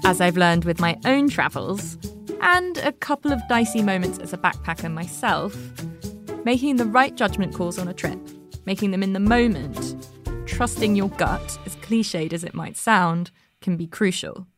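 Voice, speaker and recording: A woman hosting, narrating in a measured, reflective way between interview segments and asking questions. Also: medium pitch, lively intonation, over music. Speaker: host, interviewer.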